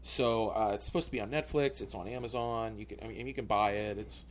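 A man's voice: lowish voice, fairly quick, slight background noise. A male comedian telling a story on a podcast, rambling and full of filler words. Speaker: comedian guest.

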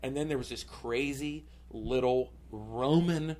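A man's voice: mid-range voice, a little slow, darkish tone. A male comedian telling a story on a podcast, rambling and full of filler words. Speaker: comedian guest.

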